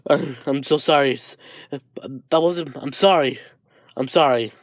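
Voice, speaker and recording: A man's voice: on the high side, a little slow, no room sound, clean studio sound, close to an everyday voice. A man voicing a stressed, stammering teenage boy hero in a fan-told story. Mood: apologetic. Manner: flustered, apologetic, stammering.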